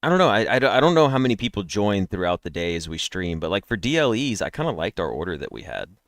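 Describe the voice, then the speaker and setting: A man's voice: fairly low pitch, big pitch swings, fast, fairly bright tone, no room sound, studio quality. A man streaming daily guessing games, chatting and rambling nonstop to his viewers through a headset mic while yawning. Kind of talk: casual live-stream chat.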